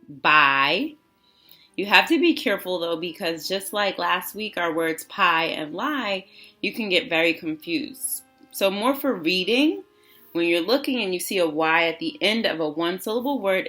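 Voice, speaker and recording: Female teacher, low-pitched and bright, slow deliberate phonics delivery with faint music under it. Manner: slow, clearly enunciated, repeats words for kids to echo. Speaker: literacy teacher. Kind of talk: phonics lesson for children.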